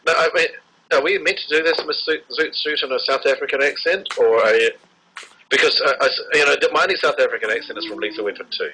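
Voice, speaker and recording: Bright-voiced man with dry asides. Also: mid-range voice, fast talker, a little hiss or hum, poor audio. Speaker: co-host.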